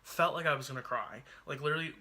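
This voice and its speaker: A man with a bright, ringing voice pitched a touch high tells a story to camera. His delivery is chatty and dramatic, with many "like"s and side remarks, as in a casual storytime vlog. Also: quick pace. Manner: chatty, dramatic retelling peppered with "like". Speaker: YouTuber.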